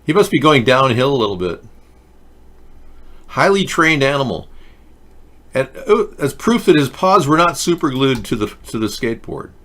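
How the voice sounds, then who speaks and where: A man's voice: mid-range voice, very animated, moderate pace, pauses often, fairly bright tone. Rambling, jokey male show host. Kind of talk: casual commentary monologue.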